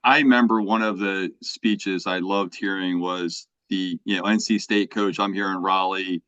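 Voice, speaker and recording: A man's voice: low-pitched, fairly even intonation, normal speed, a bit bright, no room sound. A middle-aged man hosts a podcast in a loose, rambling way, restarting his sentences and checking in with "right?". His voice is recorded dry and close, with a slightly dull, muffled tone. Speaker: podcast host. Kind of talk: casual podcast chat.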